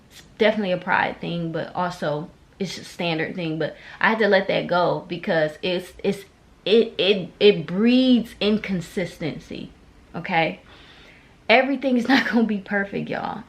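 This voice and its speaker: Chatty woman vlogger, lowish voice. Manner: chatty, speaks straight to viewers with frequent "okay?" and "y'all". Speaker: esthetician and beauty vlogger. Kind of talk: casual talk to camera.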